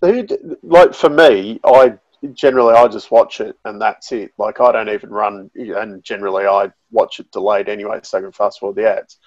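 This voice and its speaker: A man chatting as a podcast guest over a call, relaxed and hedging with fillers. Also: on the low side, fairly quick, dry recording, dull audio. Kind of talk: casual chat. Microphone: video call.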